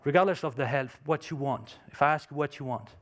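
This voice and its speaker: This man's medium-pitched, fairly bright voice moves at a quick pace. Not a native English speaker, he tells a story emphatically in a motivational conference talk, with non-native phrasing.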